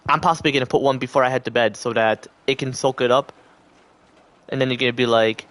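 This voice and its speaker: A man's voice: mid-range voice, steady tone, fast, a bit bright. Rambling male livestreamer chatting to viewers. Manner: rambling, stream-of-thought talk to chat; acts out quoted voices. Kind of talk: casual livestream chat.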